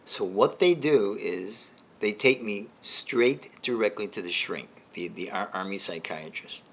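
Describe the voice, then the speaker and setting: An older man spins a long comic story in a rambling, self-deprecating way, doubling back and wandering into asides. His voice sits fairly low, yet has a bright, pointed edge. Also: animated, unhurried. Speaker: comedian, host. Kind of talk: storytelling monologue.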